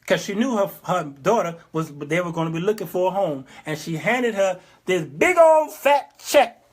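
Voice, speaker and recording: A man's voice: high-pitched, lively intonation, moderate pace. A man in his fifties hosting a talk show, preaching in an emphatic monologue, repeating phrases and acting out the people he quotes. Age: 50s. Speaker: show host.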